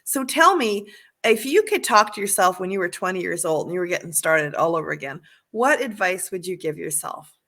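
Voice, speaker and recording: A woman's voice: lowish voice, expressive, fairly quick, a bit bright. A woman hosting an interview, asking questions and responding with enthusiastic praise. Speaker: interviewer host. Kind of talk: casual interview.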